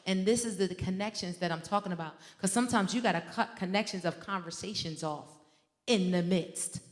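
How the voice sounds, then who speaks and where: A woman minister delivers a sermon with fervent, conversational energy, slipping into stories and talking straight to her listeners. Her voice sits at a middle pitch and carries a long hall reverb. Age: adult with a teenage son. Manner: fervent, conversational preaching with story asides.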